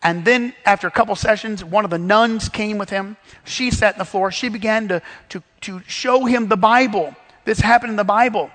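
A man from the Midwest telling a faith story in a halting preaching style, full of restarts. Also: high-pitched, fairly bright tone, big-room sound. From Missouri, US Midwest. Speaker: Bible study teacher.

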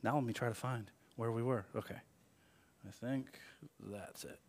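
A male pastor preaching a conversational sermon. He swings from hushed asides to loud, emphatic peaks and asks the congregation many rhetorical questions. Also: medium pitch, steady tone, moderate pace, a little hiss or hum. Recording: long hall reverb.

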